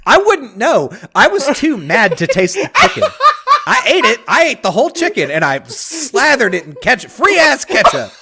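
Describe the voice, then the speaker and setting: A young man co-hosting a casual podcast. His pitch swings widely as he tells a story and works himself into a mock-outraged rant. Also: wildly swooping pitch, normal speed, background noise. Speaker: podcast co-host. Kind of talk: casual chat.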